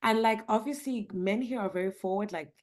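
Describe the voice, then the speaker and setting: Animated woman from South Africa, storytelling. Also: mid-range voice, fairly quick. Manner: animated storytelling with acted quotes. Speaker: podcast guest, dance teacher. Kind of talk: casual chat.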